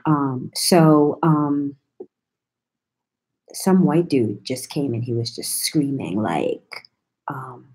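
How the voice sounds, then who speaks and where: Her voice is extremely low, husky and darkish, and she speaks extremely slowly with frequent pauses. This New York vlogger tells a story in a sassy chat with viewers, teasing them, swearing freely and responding to their comments.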